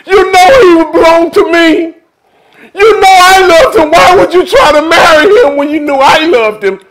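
A distraught jilted man cries out in a raised, strained, high voice, sobbing and shouting, with a man acting him out. He sounds a bit distant. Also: moderate pace, heavy background noise.

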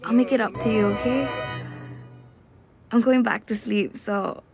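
A woman's voice: a little high, fairly even intonation, unhurried, vocal fry, a little mellow, soft background music. An actress playing a sleepy, hungover young Scottish woman who is embarrassed and apologizing in a game video. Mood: apologetic.

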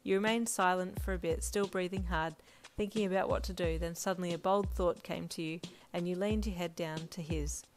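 A woman reading a fanfiction story aloud as narrator, steady and storytelling. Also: fairly low pitch, a little fast, few pauses, a little hiss or hum. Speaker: fanfiction reader. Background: faint lo-fi drum music.

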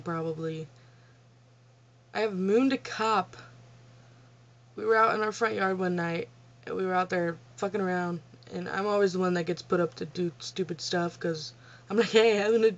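A woman's voice: medium pitch, moderate pace. Blunt, laughing young woman on lo-fi audio. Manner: blunt, profane, laughing at her own stories. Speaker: vlogger. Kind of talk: casual storytelling Q&A. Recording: dull lo-fi home recording.

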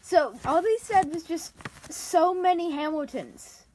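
A woman's voice: very high voice, a little slow, mellow, a little hiss or hum. A woman reading out written feedback in a dry, sarcastic comedy vlog, sounding out misspelled words. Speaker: comedy vlogger.

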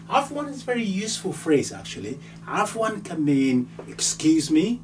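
A man teaching a beginner's language lesson, repeating words slowly and carefully. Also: a little high, very animated. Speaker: Arabic teacher. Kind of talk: slow, patient language lesson. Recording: distant mic with faint hum.

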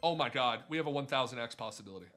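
A young man giving excitable live commentary on his own gambling rounds, swinging between mutters and outbursts. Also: medium pitch, rapid-fire, soft background music. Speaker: gambling streamer.

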